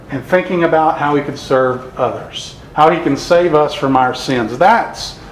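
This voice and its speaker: Male preacher, earnest sermon delivery, somewhat high voice, roomy echo. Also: a little hiss or hum. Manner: earnest, reads scripture slowly. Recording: echoey room.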